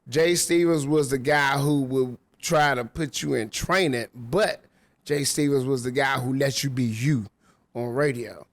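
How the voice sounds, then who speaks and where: A man's voice: medium pitch, measured pace, no room sound. Slangy man, dry close sound. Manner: loose, slangy, storytelling. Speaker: radio DJ guest. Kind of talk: casual chat. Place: rooftop venue.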